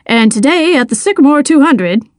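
A woman voicing a male radio race announcer in an audiobook, with a brisk broadcast delivery. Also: high-pitched, lively intonation, no echo, clean studio sound. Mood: excited.

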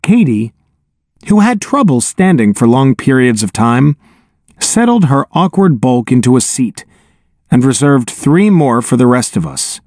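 A man narrating an audiobook in an expressive, wry first-person telling, on a close studio mic. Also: medium pitch, a little slow, dry recording.

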